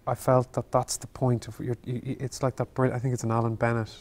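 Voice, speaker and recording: Man, mid-pitched voice, stage actor in a Q&A, hesitant and reflective storyteller. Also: flat delivery, darkish tone. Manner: halting, thoughtful, circles back on words. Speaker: actor as interview guest.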